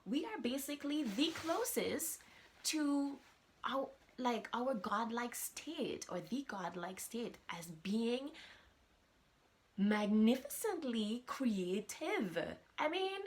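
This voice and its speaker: A woman's voice: on the high side, lively intonation, slow. A woman hosting a podcast, chatting casually and animatedly while talking straight to her listeners on camera. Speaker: podcast host. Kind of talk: casual chat. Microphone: camera with audio.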